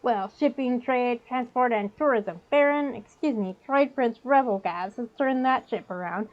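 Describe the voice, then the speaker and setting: Woman playing an old goblin fixer with a put-on New York accent, gossipy and sly, a touch high, slightly muffled sound. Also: moderate pace, natural voice. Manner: gossipy, conspiratorial, folksy.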